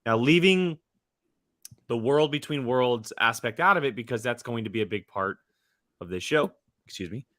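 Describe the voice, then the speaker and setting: A young man co-hosting a casual fan podcast, excitable and teasing as he talks. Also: medium pitch, normal speed, no echo, studio quality. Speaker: podcast co-host.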